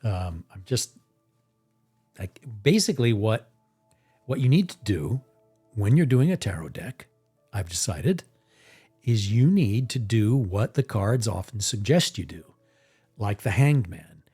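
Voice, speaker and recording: A man's voice: lowish voice, a little slow, pauses often, husky, soft background music. Man chatting casually on a live stream. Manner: rambling and animated, acting out his own reactions. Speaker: tarot deck artist hosting a live stream.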